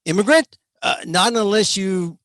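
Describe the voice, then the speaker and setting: A man's voice: sits high, a little slow, gravelly, a bit bright, no echo, studio quality. A man in his sixties from San Francisco, telling a personal story with wry, self-mocking humor and frequent "uh" restarts. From San Francisco, United States.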